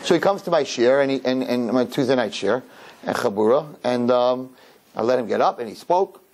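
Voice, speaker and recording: Husky-voiced rabbi telling a story. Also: male voice, medium pitch, brisk. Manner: lively anecdotal storytelling, acts out dialogue. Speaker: rabbi speaking to an audience. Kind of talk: storytelling talk.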